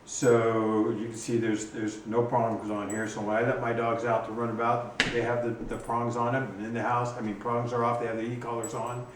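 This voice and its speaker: A man who trains hunting dogs explains his gear in a casual instructional video, talking haltingly with frequent ums and restarts. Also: medium pitch, completely flat delivery. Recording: echoey room, distant mic, faint noise.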